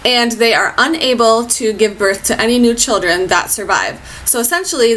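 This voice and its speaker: A chatty woman talking about her recent reads at a middle pitch, eager and gushing. A faint ambient hiss sits under her voice. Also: fairly bright tone. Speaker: book reviewer. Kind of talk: casual book review chat.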